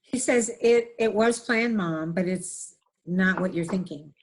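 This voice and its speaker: Earnest woman gently relaying messages. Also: medium pitch, a little slow. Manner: earnest, gentle, relays words with many "he says". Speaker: medium. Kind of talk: casual chat, relaying messages.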